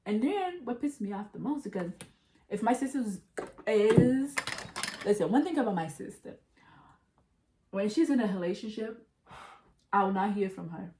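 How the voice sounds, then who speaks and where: Animated, profane young woman. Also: mid-range voice, moderate pace, pauses often, slight background noise. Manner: animated, profane, addresses listeners as y'all. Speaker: storyteller. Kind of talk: casual chat. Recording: roomy echo.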